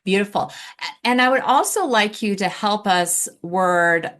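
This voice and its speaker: A woman in her fifties hosting an interview, warmly affirming her guest and asking clear questions. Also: mid-range voice, a little slow. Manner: warmly affirming, with short acknowledgements. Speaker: interview host. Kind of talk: conversational interview.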